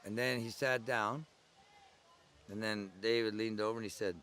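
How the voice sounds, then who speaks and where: A man's voice: on the low side, steady tone, moderate pace, a bit bright. An older man recalling his early days at the gathering in a rambling, conversational oral-history style. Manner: rambling, conversational storytelling with digressions.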